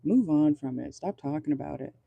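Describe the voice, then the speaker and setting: A man's voice: a little high, a little fast, gravelly, slightly rough, no room sound, narrow, tinny audio, exaggerated voice. A man voicing a sassy, fed-up house pet that talks in a dismissive, exasperated way.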